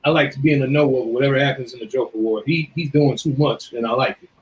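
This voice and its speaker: A man's voice: medium pitch, steady tone, quick pace, low-quality recording. A man co-hosting a talk show, speaking casually and easily, with frequent fillers. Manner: easygoing, filler-heavy. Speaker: podcast co-host. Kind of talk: casual chat.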